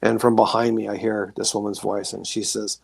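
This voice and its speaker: A man being interviewed as a guest, telling rambling, animated anecdotes full of fillers and restarts. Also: on the low side, fairly quick, vocal fry, breathy edge, no echo. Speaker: guest author sharing paranormal experiences. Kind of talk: casual storytelling interview.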